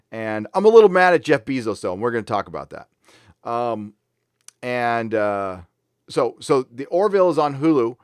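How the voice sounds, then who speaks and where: A man's voice: mid-range voice, dry recording, clean studio sound. A man hosting a live stream, chatting casually and reading viewer comments, rambling with lots of fillers and restarts and laughing easily.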